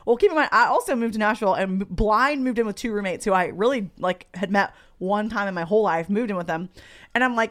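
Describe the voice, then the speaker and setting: Young woman on a podcast, talks super fast, swears a lot, gets really into her stories. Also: medium pitch. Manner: animated storyteller, swears and laughs often. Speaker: podcast co-host. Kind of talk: casual chat.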